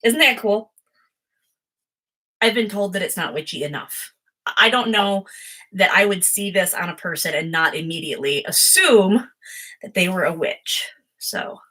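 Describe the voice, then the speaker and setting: A woman's voice: medium pitch, a little slow, pauses often, bright, forceful tone. A woman doing a casual, chatty tarot reading, rambling and easily distracted, often giggling.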